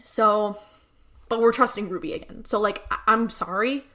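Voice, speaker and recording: Bright-voiced chatty woman podcaster. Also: mid-range voice, moderate pace. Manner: chatty recap with many fillers and acted-out quotes. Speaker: podcast co-host. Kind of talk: casual chat.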